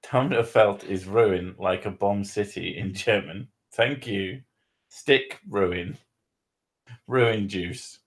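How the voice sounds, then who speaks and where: A man with a lowish voice hosts a relaxed livestream chat. He jokes around, laughs a lot and swears freely as he reads out questions from viewers. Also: slow pace. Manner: joking, laughs often, swears. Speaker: host.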